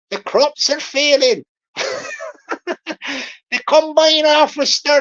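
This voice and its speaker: A woman's voice: sits high, fairly bright tone. A woman voicing a wheedling male West Country scammer farmer who begs for money, repeating his pleas in a sing-song way. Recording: dull lo-fi recording.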